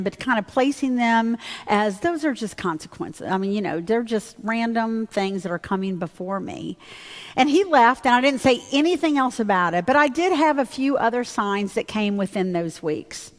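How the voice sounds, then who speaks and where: A woman pastor preaching a sermon in a church, telling a personal story in a candid, conversational way with fillers and self-corrections. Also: a little high. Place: church sanctuary. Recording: long reverb of a church hall.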